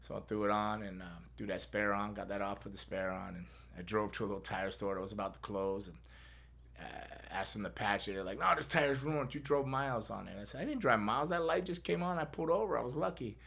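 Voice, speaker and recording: Middle-aged male podcast host, gravelly and bright, casual storyteller who laughs and acts out other voices. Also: lowish voice, quick pace.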